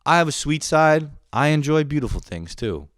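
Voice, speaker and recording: A young man hosting a podcast, ranting in a comedic monologue. He curses a lot and sounds irritable and self-mocking, with sudden loud outbursts that drop to low mutters. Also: sing-song, normal speed, dry recording, clean studio sound. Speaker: podcast host.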